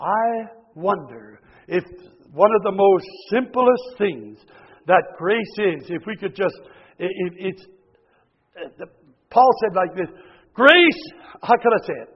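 A man preaching a sermon, swinging from loud exhortation to hushed near-whispers, often repeating words and restarting. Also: sits high, expressive, slow pace, breathy edge. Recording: dull lo-fi recording with long hall reverb.

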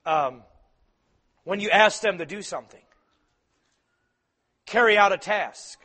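A man preaching a sermon to fathers, swinging from loud emphatic peaks to soft, quiet asides. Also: high voice, lively intonation, moderate pace, long pauses.

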